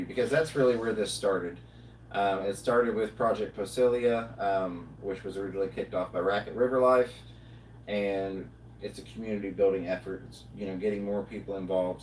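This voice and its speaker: A man hosting a casual livestream chat, talking in a relaxed, rambling way with lots of fillers. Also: lowish voice. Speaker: livestream host. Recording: roomy, distant mic, faint noise.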